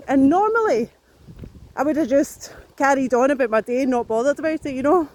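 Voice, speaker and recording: A woman's voice: high voice, lively intonation, fast talker, darkish tone. A woman talking to her camera as she walks along outdoors, out of breath between phrases. Her speech rambles, doubles back on itself and breaks into swearing. The tone stays loose and unscripted throughout. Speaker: vlogger. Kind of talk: casual talk to camera.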